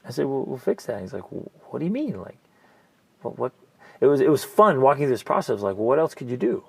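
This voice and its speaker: A man co-hosting a parenting podcast, telling coaching stories in an earnest, animated way and dropping to a soft, gentle tone. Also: mid-range voice, fast talker, gravelly, husky, dry recording. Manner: earnest, animated storytelling, softens to near-whisper. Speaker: podcast co-host, family coach. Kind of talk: casual podcast chat.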